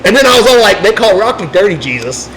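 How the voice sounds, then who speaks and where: A man's voice: high voice, big pitch swings, fast, a bit bright, slight background noise, rough recording. A man from southern Illinois with a local accent, chatting casually on a podcast, rowdy and laughing, swearing freely. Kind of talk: casual chat.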